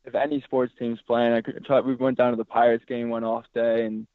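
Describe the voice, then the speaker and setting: A man's voice worn hoarse and raspy from yelling, relaxed and rambling. He is heard over a thin, phone-like line with a dry, close sound. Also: medium pitch, a little fast, no echo. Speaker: goalkeeper guest. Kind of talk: casual interview.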